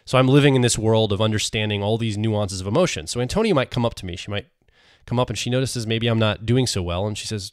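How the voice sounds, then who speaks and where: A man's voice: lowish voice, expressive, fast, no echo, studio quality. A man co-hosting a podcast, explaining ideas in a conversational way and often restarting his sentences. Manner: talks through ideas with frequent restarts. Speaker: podcast co-host.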